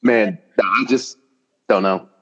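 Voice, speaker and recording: A man's voice: slow pace, gravelly, husky, highs cut off. A man co-hosting a casual chat, telling an exasperated story with incredulous outbursts. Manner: exasperated, animated ranting with incredulous high-pitched jumps. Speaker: podcast co-host.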